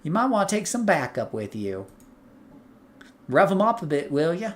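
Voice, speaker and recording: A man's voice: fairly high pitch, sing-song, moderate pace, pitched above the performer's own voice. A man voicing a shady male underworld informant with a put-on Southern accent, chummy and wheeling-dealing, while reading a game's dialogue aloud. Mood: wheedling.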